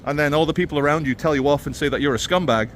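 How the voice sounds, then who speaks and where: A man's voice: a little high, rapid-fire, a little hiss or hum. A man vlogging as he walks outdoors through a city, talking in a sardonic, ranting way. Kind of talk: walking vlog commentary.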